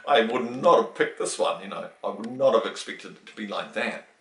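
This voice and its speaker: A middle-aged man from New Zealand in a casual interview, telling a story and acting out the quoted voices with lively emphasis. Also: mid-range voice, fairly quick. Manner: animated, acts out quoted dialogue, many restarts. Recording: roomy, distant from the mic.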